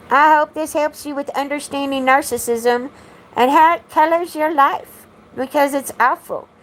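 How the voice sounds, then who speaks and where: A woman's voice: high voice, a bit bright, low-quality recording. A woman talking straight to the camera in a blunt, profane, accusatory monologue, repeating her phrases as she rambles. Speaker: vlogger.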